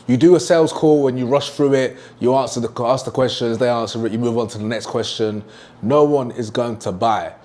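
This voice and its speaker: A man's voice: mid-range voice, a little fast, darkish tone. A young man teaching a sales lesson at a whiteboard, emphatic and repeating his key points. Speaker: sales trainer.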